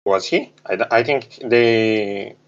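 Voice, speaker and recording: A man co-hosting a podcast, speaking casually in a halting way with slightly non-native phrasing and dry irony. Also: on the low side, highs cut off. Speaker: podcast co-host. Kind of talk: casual chat.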